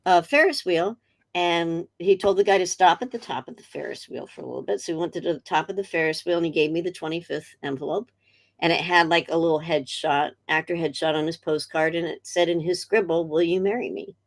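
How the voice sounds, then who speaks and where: A middle-aged woman, a guest in a casual interview, telling a story chattily with animated quotes. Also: fairly low pitch, a little fast. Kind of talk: casual video-call interview.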